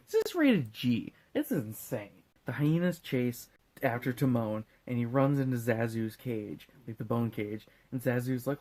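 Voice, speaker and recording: A man's voice: medium pitch, lively intonation, normal speed, dark tone. A drunk man hosting a comedic movie recap in a rambling, profane, jokey way. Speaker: host.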